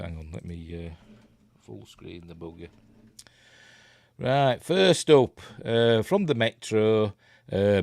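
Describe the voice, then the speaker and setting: A man's voice: lowish voice, dry recording, studio quality. A tired man with a Yorkshire accent hosts a casual live news stream, rambling, breaking off mid-sentence and laughing often.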